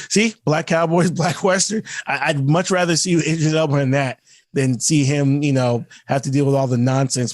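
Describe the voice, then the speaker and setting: Podcast guy rambling about movies, mid pitch, dry mic, lots of restarts. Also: no echo. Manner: rambling, many restarts and acted-out quotes. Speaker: podcast co-host. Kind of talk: casual chat.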